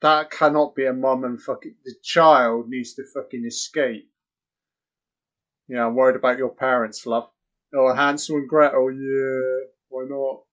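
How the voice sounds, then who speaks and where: Man, slow swearing film commentary, dull lo-fi sound. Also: mid-range voice. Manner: profane, excitable, mocking. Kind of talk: crude live movie commentary. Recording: dull lo-fi audio.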